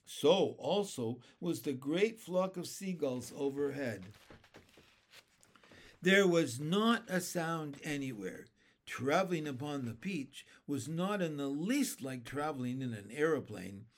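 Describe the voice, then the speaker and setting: A man's voice: fairly high pitch, expressive, takes it slowly. A man reading a children's novel aloud, lifting his voice for the characters' cries. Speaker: reader.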